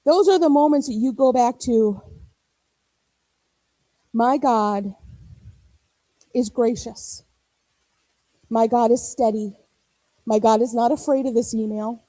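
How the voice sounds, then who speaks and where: A woman's voice: fairly high pitch, slow pace, pauses often, mellow, no echo, rough recording. A woman in her forties preaching a sermon in church, telling stories with animation and acting out quoted voices.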